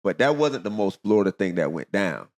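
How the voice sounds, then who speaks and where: Lively low-voiced man chatting. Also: fairly quick. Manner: lively, laughs often. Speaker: podcast host. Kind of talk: casual chat.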